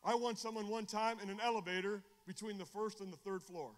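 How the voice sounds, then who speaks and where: Preaching fervently to a Bible study, a middle-aged man keeps a steady tone and a brisk pace. He restarts often and repeats phrases, dropping from loud bursts into low, confiding talk.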